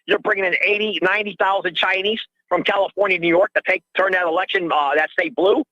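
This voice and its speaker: A man's voice: high-pitched, fairly even intonation, fast talker, bright, forceful tone, dry recording. An older man calling in to a radio show, ranting in an agitated way and repeating himself, heard through dull lo-fi call audio. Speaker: caller.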